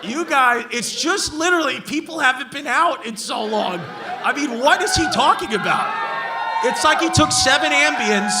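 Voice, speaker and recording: A man working a comedy club crowd, brash and profane as he roasts hecklers. His voice sits very high for a man. A lively club audience carries under him throughout. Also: moderate pace. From Brooklyn, New York. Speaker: stand-up comedian. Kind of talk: stand-up crowd work. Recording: live club audience noise. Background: laughing club audience.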